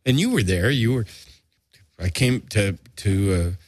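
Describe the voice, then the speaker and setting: An older man, a musician guest, telling stories in a casual interview, animated and repeating himself with frequent laughs. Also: lowish voice, slow, dry recording.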